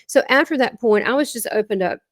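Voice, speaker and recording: A woman's voice: on the high side, fast talker, no room sound, clean studio sound. Earnest Southern woman telling her story. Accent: Southern American. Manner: earnest, rambling storytelling with restarts. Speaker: guest medium. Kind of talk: recounting a near-death experience.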